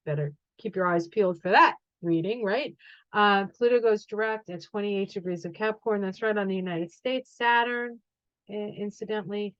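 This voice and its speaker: A woman's voice: fairly low pitch, no room sound, muffled recording. A middle-aged woman talking casually through an astrology forecast, thinking aloud with frequent ums and restarts. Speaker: astrology and tarot reader. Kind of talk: casual astrology talk to camera.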